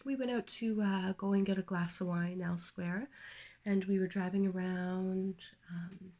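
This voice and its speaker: A woman ranting on her vlog in a crude, profane, candid way, with jumps to loud outbursts and whispered asides. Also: medium pitch, steady tone, unhurried. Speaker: vlogger. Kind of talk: casual comedic rant.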